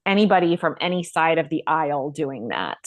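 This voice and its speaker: A woman with a somewhat low voice co-hosts a relaxed talk, drifting through chatty asides and half-finished thoughts. Her sound is dry and close, with no room around it. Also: a little fast, dry recording. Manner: chatty, loose, trailing asides. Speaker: co-host. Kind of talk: casual panel chat.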